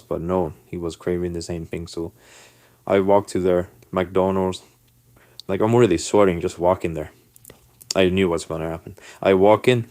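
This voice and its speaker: A man whose first language is not English, telling a personal story to camera in a casual, animated way and acting out the people in it. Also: sits low, no echo.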